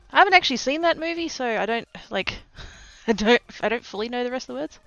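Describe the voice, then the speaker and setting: A woman chatting casually with her viewers on a livestream from home, playful and silly, breaking into sudden high squeals as she reads and answers chat. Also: lively intonation, fairly quick, few pauses, fairly bright tone, muffled recording, soft background music.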